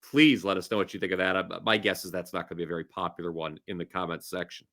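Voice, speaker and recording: Bright-voiced, upbeat sports betting host. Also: male voice, low voice, steady tone, quick pace. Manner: upbeat, jokey, laughs easily. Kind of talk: casual sports betting talk.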